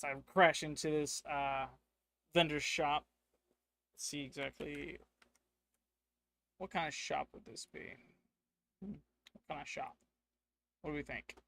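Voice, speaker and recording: A man's voice: a little high, a bit bright. A man streaming a solo tabletop game, narrating casually and thinking aloud to his chat.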